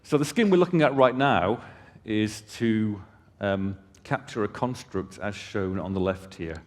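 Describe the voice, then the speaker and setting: A man's voice: on the low side, lively intonation, unhurried. Man presenting in a reverberant hall. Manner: conversational explaining with casual asides to the audience. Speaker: company presenter. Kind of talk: conference presentation. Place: conference hall stage.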